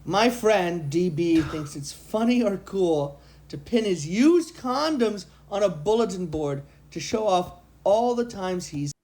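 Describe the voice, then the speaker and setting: Lively man reading stories on a podcast. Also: high voice, slow pace. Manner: playful, laughs between lines. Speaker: podcast co-host. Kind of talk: reading stories aloud and chatting.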